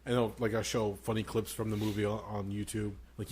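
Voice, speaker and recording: A man in his thirties co-hosting a casual podcast, excitable and profane, laughing often. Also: lowish voice, a little fast, a little hiss or hum. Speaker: podcast co-host. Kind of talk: casual chat.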